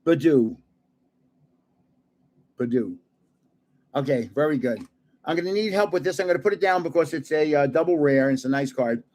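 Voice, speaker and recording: Older guy chatting on his live stream, chuckles a lot, kinda higher voice, pokes fun at himself. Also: lively intonation, moderate pace, pauses often, darkish tone. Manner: chatty, chuckling, self-deprecating guesses. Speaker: card-collecting livestream host. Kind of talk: casual live chat while opening card packs.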